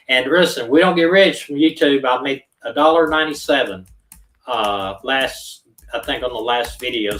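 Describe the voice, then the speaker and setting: Brief: male live-stream host, relaxed and rambling, heard from off-mic in a roomy space. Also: mid-range voice, distant mic. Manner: easygoing, rambling with many fillers. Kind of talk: casual live stream sign-off. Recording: echoey room, voice off-mic.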